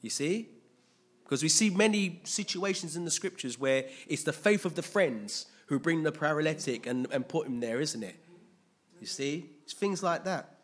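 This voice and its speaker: A man's voice: on the high side, animated, moderate pace, breathy edge. A man preaching a conversational sermon, often checking in with his listeners.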